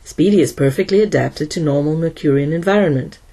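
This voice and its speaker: A woman's voice: low-pitched, a little fast, mellow, slightly rough, pitched below the performer's own voice. A woman voicing a grim, level-headed male engineer who speaks dryly and steadily. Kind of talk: audiobook character voice.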